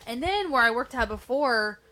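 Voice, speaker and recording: A woman's voice: on the high side, animated, normal speed, bright, forceful tone. A woman co-hosting a podcast, telling a story in casual chat, laughing often and swearing freely. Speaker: podcast co-host.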